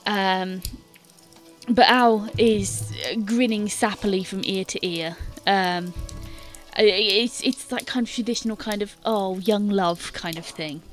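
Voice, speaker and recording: A woman's voice: medium pitch, a little slow, soft background music. A woman game master narrating a tabletop scene in detail, with many fillers and hesitant restarts.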